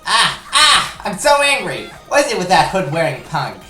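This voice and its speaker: A woman voicing an excitable, whiny teenage girl who is eager to found a gang. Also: on the low side, moderate pace, roomy sound, faint music behind, lightly acted. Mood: excited.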